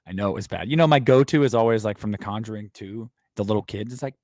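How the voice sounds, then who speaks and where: A man hosting a casual movie news livestream who rambles and jokes crudely in an animated way. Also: fairly low pitch, quick pace, few pauses, no echo, clean studio sound. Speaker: host of a movie news stream.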